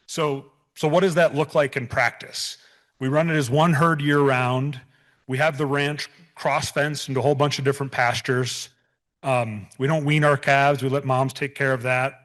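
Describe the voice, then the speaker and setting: A man in his thirties, a bison rancher giving a public talk, earnest and prone to restarts and repeated words. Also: mid-range voice. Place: event hall.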